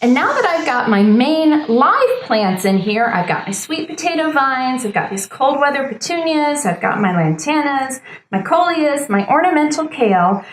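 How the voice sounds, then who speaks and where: A woman's voice: sits high, sing-song, normal speed, roomy sound, a little hiss or hum. Upbeat woman hosting a garden DIY demo. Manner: upbeat and enthusiastic, talks while working with her hands. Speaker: show host demonstrating a planter DIY. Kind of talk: casual how-to demonstration.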